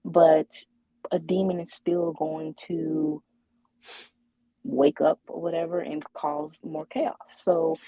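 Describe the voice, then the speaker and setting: Slow, low, husky woman. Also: flat delivery, warm tone, dry recording, rough recording. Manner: hesitant, many fillers and restarts. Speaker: podcast co-host. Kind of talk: casual chat.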